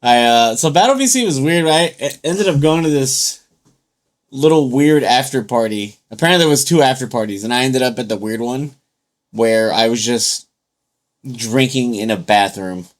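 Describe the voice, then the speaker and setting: A man's voice: mid-range voice, expressive, normal speed. A young man co-hosting a casual chat, telling loose, profane stories and acting out what people said, a little tipsy from drinking. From United States. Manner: loose, profane storytelling with acted-out quotes. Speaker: podcast co-host.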